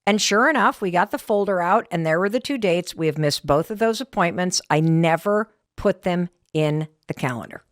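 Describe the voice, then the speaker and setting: A middle-aged woman hosts her podcast, telling a story on herself with animated, self-deprecating energy. Her pitch swings widely as she talks, and the sound is dry and close. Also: normal speed, few pauses, no room sound. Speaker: podcast host. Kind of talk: casual talk to listeners.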